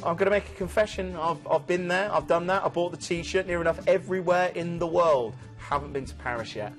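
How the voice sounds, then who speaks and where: A man presenting cruise deals on a shopping channel, chatty and animated with jokey asides. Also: high voice, a little fast, soft background music. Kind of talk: shopping channel sales chat.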